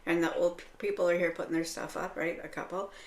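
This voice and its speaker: A woman's voice: on the low side, quick pace. A woman telling a long story in casual chat, swearing heavily and checking in with "right?" every few lines. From Canada. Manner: heavily profane animated storytelling, full of "right?". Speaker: co-host. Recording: echoey room.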